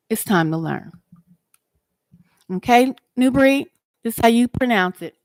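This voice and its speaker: A woman talks to her online viewers in a slow, deliberate way, half chatting and half preaching. The sound is dry and close. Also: fairly high pitch, animated, no echo. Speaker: livestream host. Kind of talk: casual livestream chat and teaching. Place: outdoors.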